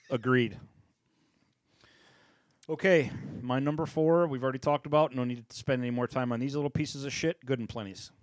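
A man's voice: medium pitch, normal speed, long pauses, no room sound. A man co-hosting a casual podcast chat, joking crudely and ranting about things he hates.

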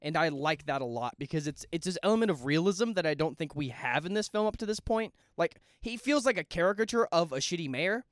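A man's voice: on the high side, animated, brisk, few pauses, dry recording, studio quality. A young man co-hosting a podcast, chatting casually about a film and rambling through restarts mid-thought. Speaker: podcast co-host.

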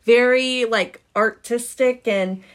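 A woman's voice: on the high side, slow. A woman co-hosting a casual podcast, upbeat and giggly, leading the questions. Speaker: podcast co-host.

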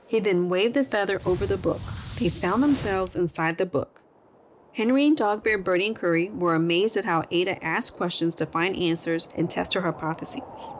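A woman hosting a children's podcast and narrating a story in an expressive read-aloud style. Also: on the low side, a little hiss or hum.

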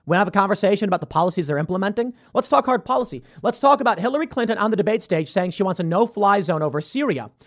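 A man hosting a political commentary show, talking in an animated, sarcastic, combative way. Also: high voice, fast talker, hardly any pauses. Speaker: host.

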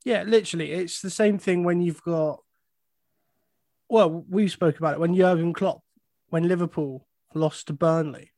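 A man with a fairly high voice gives blunt, wry opinions on a football podcast. The recording is dry and close, with no room sound. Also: steady tone, moderate pace, darkish tone, no room sound. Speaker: podcast co-host. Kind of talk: casual football podcast chat.

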